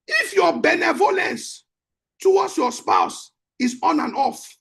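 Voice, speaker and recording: A man, a marriage coach teaching in an emphatic, repetitive preaching style that breaks into shouts. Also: very high voice, lively intonation, takes it slowly, gravelly.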